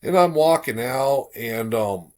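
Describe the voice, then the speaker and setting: A man's voice: medium pitch, slow. Man telling his story casually. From South Florida. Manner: relaxed, animated when quoting others. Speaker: podcast guest.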